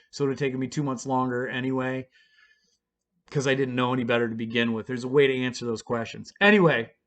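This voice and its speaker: A man's voice: on the high side, fairly bright tone. A man casually telling his own story in a blunt, profane, rambling way, with frequent restarts.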